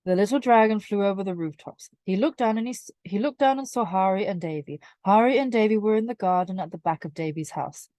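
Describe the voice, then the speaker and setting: A woman's voice: mid-range voice, a little fast, hardly any pauses, dark tone, no room sound. Woman reading a children's story. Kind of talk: reading a children's book aloud.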